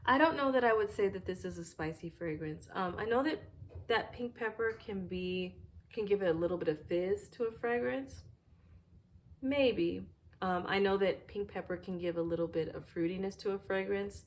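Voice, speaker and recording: A woman reviewing fragrances in a casual, thoughtful way, often pausing with "um" while searching for words, at home near a fireplace. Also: mid-range voice.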